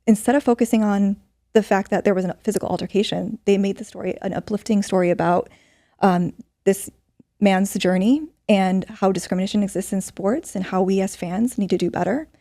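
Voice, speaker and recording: A woman's voice: medium pitch, steady tone, brisk, warm tone, no room sound, clean studio sound. A middle-aged woman, a podcast guest, telling a story earnestly in conversation with many fillers. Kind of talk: storytelling in an interview.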